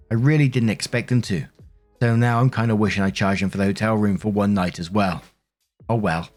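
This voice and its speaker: A man with a fairly low voice reads online stories and then muses on them in a loose, conversational way, dotted with "you know" fillers. Soft music plays quietly underneath his narration. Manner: conversational, reflective, many fillers. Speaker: narrator and commentator. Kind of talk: reading online stories with commentary. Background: faint background music.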